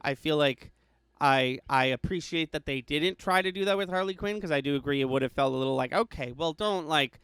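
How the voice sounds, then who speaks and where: Rambling man with a smooth, dry voice. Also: fairly high pitch, fairly quick, a bit bright, dry recording. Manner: rambling, many restarts and "like" fillers. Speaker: podcast co-host. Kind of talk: casual movie discussion.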